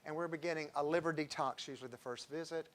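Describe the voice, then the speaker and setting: A man's voice: a little high, steady tone, fast talker, slight background noise. A man, a doctor giving an informal health talk, chatty and digressive and telling patient stories.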